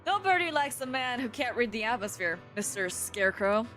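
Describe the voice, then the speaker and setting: A woman's voice: fairly high pitch, big pitch swings, bright, forceful tone, soft background music. A woman reading a visual novel aloud, voicing a flamboyant, charming male pigeon schoolboy who is theatrical and never bothered. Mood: playful. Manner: theatrical, drawn-out, flowery speech.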